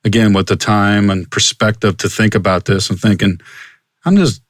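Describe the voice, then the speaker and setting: A man hosting a podcast, speaking in a measured, appreciative and reflective way. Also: fairly low pitch, level tone, fairly bright tone, no echo, clean studio sound. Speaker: podcast host. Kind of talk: casual interview.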